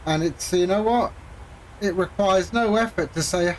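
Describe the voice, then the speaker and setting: A man's voice: high-pitched, normal speed, a little hiss or hum, poor audio. A man streaming a flight sim, chatting casually and rambling through anecdotes with frequent chuckles. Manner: rambling storyteller, chuckles often, acts out callers.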